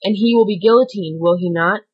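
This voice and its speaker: A woman's voice: medium pitch, fairly quick, slightly rough, lo-fi sound, close to an everyday voice. A woman voicing a desperate dying male ex-convict, pleading in anguished outbursts.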